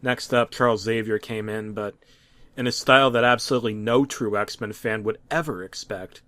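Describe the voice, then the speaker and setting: A man narrating a mock-serious horror story with a dramatic, deadpan delivery and occasional restarts. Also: on the low side, moderate pace, no echo. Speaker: creepypasta narrator.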